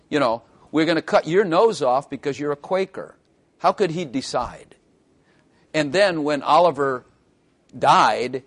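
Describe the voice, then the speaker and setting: A male pastor delivers a sermon in a plain, mid-pitched voice. He teases his congregation with deadpan jokes, speeding through asides and stretching out the words he wants to land. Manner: wry, joking asides with quick bursts and drawn-out emphasis.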